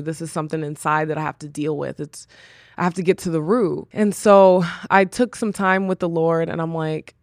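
A woman's voice: low voice, dry recording. Earnest woman sharing faith-based encouragement, dry sound. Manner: earnest and personal, speaking from her own experience. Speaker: podcast host.

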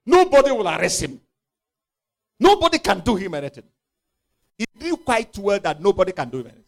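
A man's voice: sits high, huge pitch swings, a little fast, vocal fry. A male preacher, giving an impassioned sermon and acting out the scripture scenes in voices.

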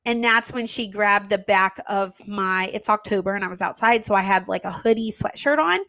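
A woman who runs an event venue tells a casual story, animated and emphatic, with fillers and the odd swear word. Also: medium pitch, moderate pace, dry recording. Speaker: venue owner.

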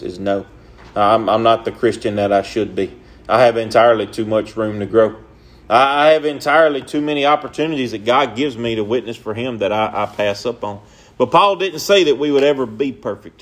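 A young man preaching a sermon in an earnest, repetitive way, with folksy, casual grammar. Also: fairly low pitch.

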